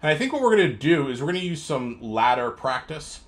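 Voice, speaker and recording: A man streaming his guitar practice live, counting beats aloud in a slow sing-song and talking through how each run felt. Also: a little high, very animated. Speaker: guitar teacher practicing on a livestream. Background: guitar playing.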